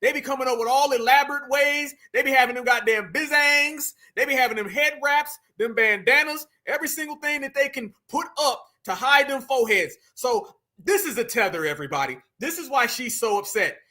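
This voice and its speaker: A man giving loud, mocking reaction commentary, taunting and full of slang as he talks to his chat. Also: very high-pitched, fairly quick. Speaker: commentary streamer.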